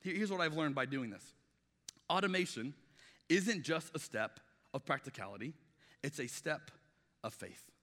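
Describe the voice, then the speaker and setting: Middle-aged male pastor, bright forceful delivery, chatty sermon style, echoing church hall. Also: a little high, expressive, normal speed, long pauses. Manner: conversational, acts out quoted dialogue, frequent restarts. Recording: long reverb of a large hall.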